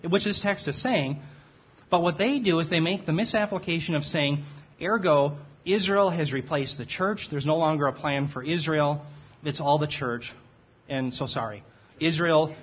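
A pastor gives a conversational expository sermon in a fairly high, husky voice, repeatedly checking in with listeners by asking "okay?" He stops to correct his own slips and laughs at himself. The recording sounds dull and muffled.

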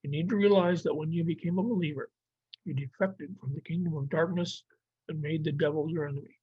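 A man's voice: a little high, steady tone, a little fast, husky, no echo. A man teaching a Bible survey lesson, explaining plainly with some fillers and restarts. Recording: dry, muffled lo-fi recording.

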